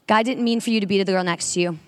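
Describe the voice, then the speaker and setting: A woman giving an energetic sermon-style talk to a women's audience, drawing call-and-response. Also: mid-range voice, racing. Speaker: speaker at a women's faith event. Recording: long reverb of a large hall.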